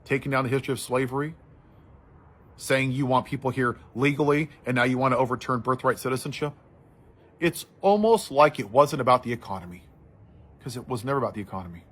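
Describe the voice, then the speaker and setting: A man giving impassioned social commentary, telling a story and then building to forceful outrage. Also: mid-range voice, fairly quick, breathy edge.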